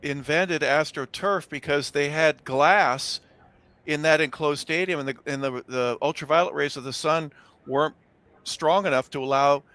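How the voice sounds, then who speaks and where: A man's voice: fairly high pitch, normal speed, a bit bright, dry recording. A man hosting a sports radio interview, eagerly jumping in with background facts. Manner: eager, jumps in with trivia. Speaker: host.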